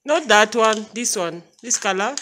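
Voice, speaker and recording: A Kenyan-accented mother talking casually to her phone camera at home. Her voice is bright and a touch high, and she chats freely, coaxing her little daughter with playful questions. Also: lively intonation, unhurried. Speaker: mother and vlogger. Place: home, indoors.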